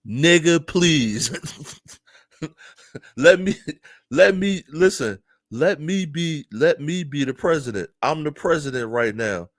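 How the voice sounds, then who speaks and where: A man from Philadelphia giving casual, animated opinion commentary to his viewers, laughing often and talking straight to them. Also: a little high, slow pace, no room sound, clean studio sound. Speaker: news commentary streamer.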